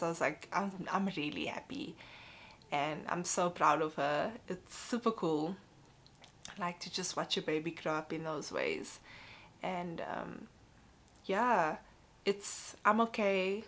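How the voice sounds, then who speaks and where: Young female vlogger, slightly low pitch, candid and chatty, casual to-camera talk. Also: a bit bright, a little hiss or hum. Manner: chatty, candid, frequent "like" and "you know". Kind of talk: casual personal vlog.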